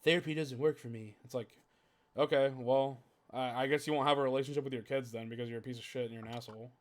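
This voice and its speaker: A man's voice: mid-range voice, little pitch movement, fast talker. A man hosting a casual podcast, ranting heatedly with lots of swearing and "like" fillers. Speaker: podcast host.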